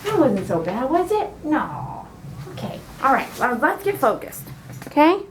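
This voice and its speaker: Lady groomer talking to a dog, high lively voice, roomy sound from a bit away, clippers buzzing. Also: a little slow, soft background music. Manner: coaxing and scolding a dog, then explaining steps. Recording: roomy sound, mic at a distance, clipper noise. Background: electric clippers buzzing.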